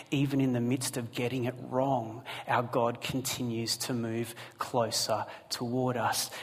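A man preaching a sermon to a live congregation, telling a personal story with asides to the listeners. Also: medium pitch. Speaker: pastor. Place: church hall with a live congregation. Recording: long hall reverb.

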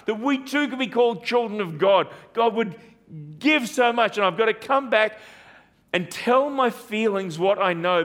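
A man delivers a sermon in a fairly high voice. He preaches earnestly, repeating phrases and posing rhetorical questions to his listeners. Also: fairly bright tone. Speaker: pastor.

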